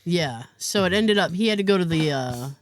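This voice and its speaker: Woman podcast host, chatty storyteller, laughs a lot, lively pitch. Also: moderate pace, no echo, clean studio sound. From Massachusetts, USA. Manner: lively, laughs often, acts out other people's lines. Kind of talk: casual storytelling chat.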